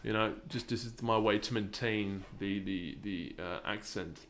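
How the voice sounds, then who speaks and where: He's a young solo podcaster with a fairly low, fairly bright voice, taking an unhurried pace. His non-native, British-leaning English comes out rambling, broken by frequent restarts and fillers.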